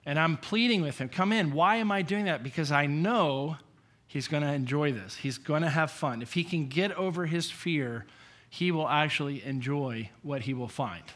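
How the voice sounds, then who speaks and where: A man preaching a conversational sermon, telling personal stories in an animated way and chuckling as he goes. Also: fairly high pitch, normal speed. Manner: storytelling, animated, chuckling often. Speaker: pastor.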